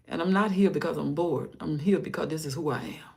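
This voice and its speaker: An older grandmother hosting a live stream, talking in a rambling, casual way about her day and her faith, often sinking into soft murmurs. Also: low voice, steady tone, fairly quick, gravelly, few pauses. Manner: rambling, warm-hearted, drifts into soft murmurs. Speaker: livestream host.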